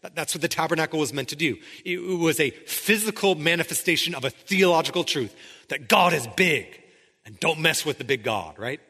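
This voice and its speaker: A man's voice: fairly high pitch, expressive, brisk, bright, forceful tone, breathy edge, long reverb tail. A male pastor preaching a sermon, emphatic, often checking in with "right?". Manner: emphatic, keeps asking "right?".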